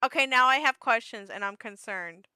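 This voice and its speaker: A woman streaming a story game, reading it aloud and reacting with lots of laughter and excited shouts. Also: on the high side, normal speed, clean tone, dry recording.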